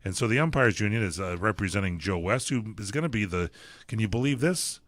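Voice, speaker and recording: A man's voice: lowish voice, animated, fairly quick, fairly bright tone, no echo. An older man co-hosting a casual sports radio show, telling stories loosely with lots of fillers. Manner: rambling, filler-heavy storytelling.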